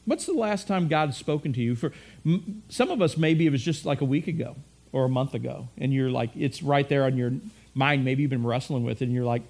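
A man's voice: medium pitch, a little fast, a little mellow. A middle-aged man preaching a sermon in a conversational way, repeating phrases and acting out quotes. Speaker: pastor.

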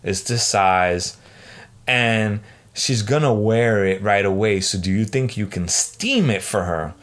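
Male podcast host, about forty, slightly low voice, swearing, exasperated solo rant. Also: lively intonation, a little slow. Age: 40s.

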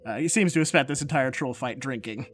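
A man narrating as the game master of a tabletop game, quick and casual. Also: mid-range voice, a little hiss or hum.

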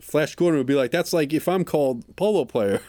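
A man's voice: on the high side, fairly quick, warm tone, no echo. A man co-hosting a casual comedy podcast, riffing and rambling about absurd ideas. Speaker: podcast co-host.

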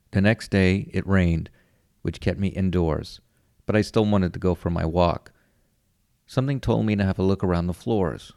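A man calmly narrating a first-person story in a measured, plain way. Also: low-pitched, vocal fry, no room sound, clean studio sound.

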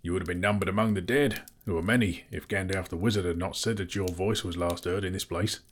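A man's voice: low-pitched, fairly even intonation, fast, slight background noise, natural voice. A man voicing an earnest, plain-spoken man who searches a battlefield for survivors. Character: swift, sure-footed man searching a battlefield.

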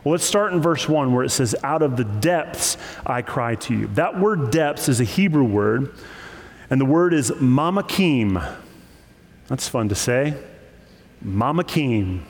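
A man preaching a sermon, lively and emphatic, with joking asides. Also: mid-range voice, moderate pace, long reverb tail. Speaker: pastor.

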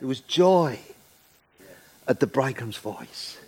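Lively, animated older man preaching. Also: mid-range voice, slow, husky. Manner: animated, playful, acts out quoted voices. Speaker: guest preacher. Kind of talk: sermon. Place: church.

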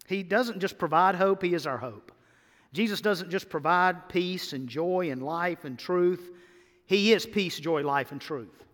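A man preaching a sermon as pastor, with energetic emphatic peaks and quiet asides. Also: high voice, long reverb tail.

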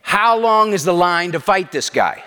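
A man's voice: high-pitched, expressive, measured pace, pushed and bright, clean tone, long reverb tail, pitched above the performer's own voice, exaggerated voice. A man voicing a bold young shepherd eager to take on a fight.

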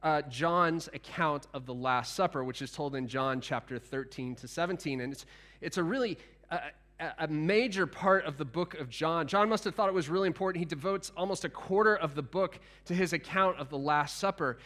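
Pastor guy preaching, kinda high voice, chatty and animated, talks right to the crowd. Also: normal speed. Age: adult, past teenage years. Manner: conversational, animated, with restarts and asides to the congregation. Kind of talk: sermon.

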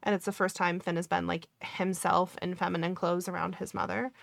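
A woman co-hosting a casual book-club podcast, talking in an animated, emphatic way with quick joking asides. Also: on the low side, vocal fry, dry recording. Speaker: podcast co-host.

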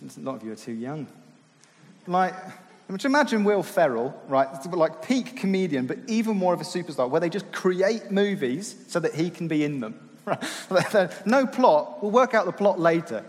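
A man preaching a conversational sermon, self-deprecating and prone to repeating his words as he goes. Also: fairly high pitch. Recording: long hall reverb.

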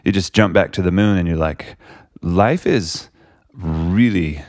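A man's voice: low-pitched, unhurried, a little mellow, no room sound, studio quality. A man talking reflectively in a casual conversation, rambling with lots of "like" and "you know". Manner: reflective, rambling, many likes and you knows.

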